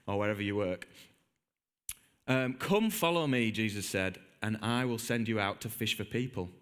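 Man, preacher, animated sermon storytelling, church. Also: medium pitch. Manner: animated storytelling, acts out biblical characters.

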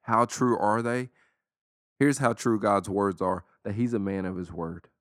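A man hosting a solo podcast, talking in a casual, emphatic, preachy way and slowing down dramatically to stress words. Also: lowish voice, fairly even intonation, a bit bright, no echo, studio quality. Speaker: podcast host.

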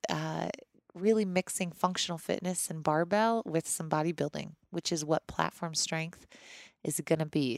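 Woman podcast host, thirties, lowish voice, dry close sound, chatty and rambling. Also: no room sound. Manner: candid, rambling, frequent restarts. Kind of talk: casual chat answering listener questions.

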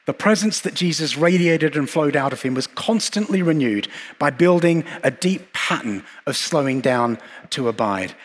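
A man preaching a sermon in an earnest, reflective way, with measured pauses and repeated phrases. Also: a little high, expressive, breathy edge. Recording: long hall reverb.

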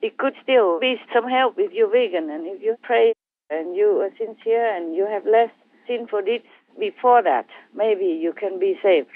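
A woman speaking as a spiritual teacher, talking gently and in a rambling way with hesitations. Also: medium pitch, moderate pace, no echo. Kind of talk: casual talk over a phone line. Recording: tinny phone line, dry.

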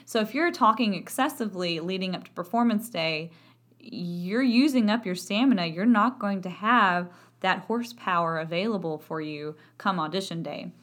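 A woman's voice: medium pitch, moderate pace, a bit bright. A woman with a Texan accent, a voice professor giving a chatty, self-deprecating podcast lesson and laughing often. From Texas. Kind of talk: educational podcast talk.

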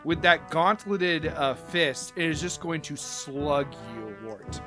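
Animated game master narrating over music. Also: mid-range voice, slow. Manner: animated, lots of filler, laughs a lot. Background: background music.

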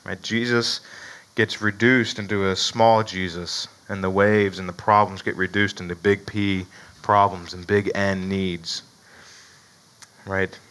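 Bright-voiced man preaching a chatty sermon. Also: sits low, level tone, measured pace, poor audio. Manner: conversational, keeps asking "right?" to the listeners; chuckles between points. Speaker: pastor.

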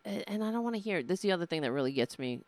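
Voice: mid-range voice, animated, racing, a little mellow, no room sound. A livestream show host talking casually and earnestly, emotional and rambling, with frequent restarts.

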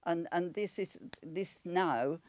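A woman's voice: lowish voice, takes it slowly, a little mellow, no echo. A woman in her eighties from Wales with a Welsh accent, telling a personal story in a chatty, rambling way with restarts. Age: 80s.

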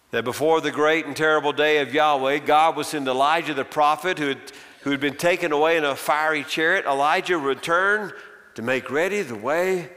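A man preaching with a bright, forceful tone and a slightly high pitch, recorded in a large church sanctuary. His voice echoes with a long hall reverb. He tells the story dramatically and acts out the questions in changing voices. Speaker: pastor. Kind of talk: sermon.

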